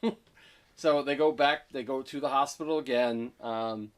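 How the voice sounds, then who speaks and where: A man co-hosting a casual movie review, eagerly retelling scenes and acting out the characters' lines. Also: medium pitch. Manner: excited retelling, acting out lines with quick voice switches.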